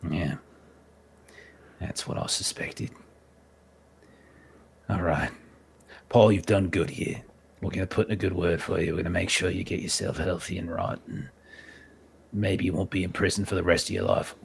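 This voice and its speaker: A man playing a tabletop game, talking in character in a calm, reassuring, dry way. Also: low voice, normal speed, gravelly, long pauses, a little hiss or hum. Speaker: player. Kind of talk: in-character play chat.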